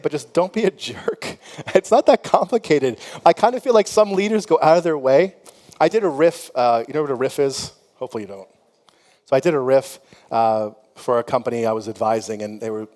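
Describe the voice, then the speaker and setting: A middle-aged company founder speaks on a conference panel, his medium-pitched voice fairly quick and darkish in tone. He tells frank, conversational stories packed with "you know" and laughter. The conference hall gives the recording a long reverb.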